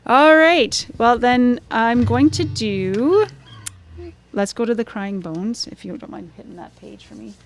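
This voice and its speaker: A woman's voice: a little high, measured pace. Chatty woman singer talking between songs. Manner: chatty and scattered, losing and finding her thread. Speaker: singer-songwriter performing a live concert. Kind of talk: onstage chat between songs. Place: live concert stage. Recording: live concert recording with music underneath. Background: guitar playing.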